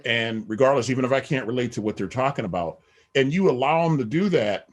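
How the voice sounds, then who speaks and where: A man's voice: medium pitch, lively intonation, fast talker. A middle-aged man, a podcast guest, talking in a rambling casual way with many "you know what I mean" asides. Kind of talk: casual interview talk.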